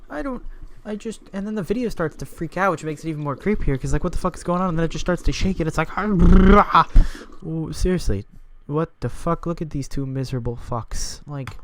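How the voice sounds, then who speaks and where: A man's voice: on the high side, fast, hardly any pauses, noisy background. A young man hosting a ranting commentary video, crude and mocking, sounding exasperated as he talks over a clip. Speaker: video host.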